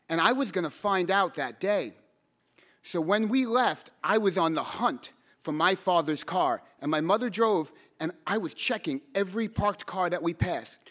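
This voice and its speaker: A man telling a personal story live on stage, earnest and halting, repeating words as he goes and bursting into shouts when he quotes himself. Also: high-pitched.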